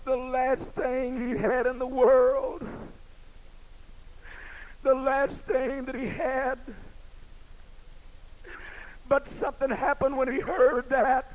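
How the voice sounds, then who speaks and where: Very high-voiced shouting preacher. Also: male voice, level tone, slow, pauses often, a little hiss or hum, low-quality recording. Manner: shouting, rhythmic, rising and falling. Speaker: pastor. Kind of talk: sermon.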